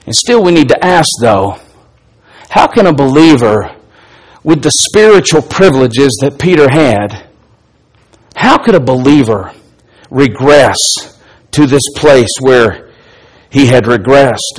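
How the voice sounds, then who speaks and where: A man preaching a sermon, reading scripture aloud and retelling its dialogue, moving between soft, low asides and raised, emphatic lines. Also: expressive, takes it slowly, pauses often, low-quality recording. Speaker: pastor.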